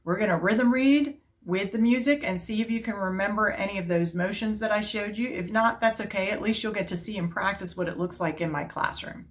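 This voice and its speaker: A middle-aged woman, an elementary music teacher, explaining her classroom routine step by step and chanting rhythm syllables to a steady beat. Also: mid-range voice, brisk, hardly any pauses. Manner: explains step by step in a calm, practical way. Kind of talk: teaching video demonstration.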